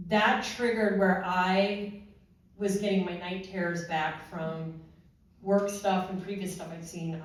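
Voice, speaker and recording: A woman's voice: lowish voice, distant mic, a little hiss or hum. Woman speaking in an echoey hall. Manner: halting, with many fillers and restarts. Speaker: panel guest, former first responder. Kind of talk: personal testimony at a panel. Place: large echoey room at a panel event.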